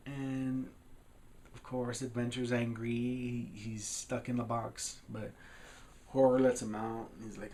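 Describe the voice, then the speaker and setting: A man's voice: mid-range voice, level tone, normal speed, darkish tone, slight background noise. Casual male film reviewer, loose rambling recap, tosses in offhand character quotes. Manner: rambling, retells scenes with loosely acted quotes.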